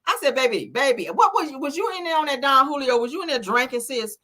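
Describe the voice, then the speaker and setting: Sassy animated woman with a bright voice. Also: high voice, fast talker. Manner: sassy, blunt, profane, chuckling often. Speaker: host. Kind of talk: casual commentary chat.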